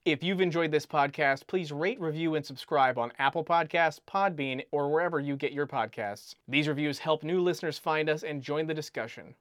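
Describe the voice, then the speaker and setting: A man reads a podcast outro from a script, keeping an even, read-aloud delivery. His pitch is a little higher than most men's, and the sound is dry and close. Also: no room sound. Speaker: podcast announcer.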